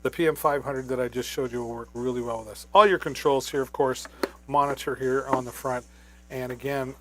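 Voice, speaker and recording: A man's voice: medium pitch, fairly bright tone, a little hiss or hum. A man hosting a live shopping stream on a wireless microphone, talking casually with many fillers. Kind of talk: live product demo.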